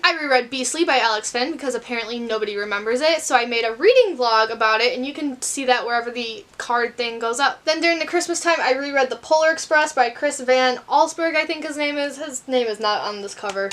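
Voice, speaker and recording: A woman's voice: sits high, pushed and bright. A young woman in a casual, rambling chat to camera about books, filming on her bedroom floor at night. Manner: chatty, rambling, self-deprecating. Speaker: book vlogger.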